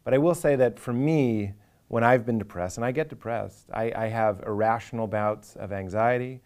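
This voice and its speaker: A man's voice: medium pitch, normal speed, darkish tone, clean tone. A man, a comedian talking earnestly and with animation in a reflective interview, now and then acting out inner voices for a laugh.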